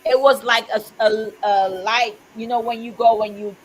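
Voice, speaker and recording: A woman's voice: a little high, fairly even intonation, moderate pace, a little hiss or hum, poor audio. Earnest woman sharing a personal story. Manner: earnest, heartfelt, peppered with "you know". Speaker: co-host of a community chat stream. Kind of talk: casual chat, personal testimony.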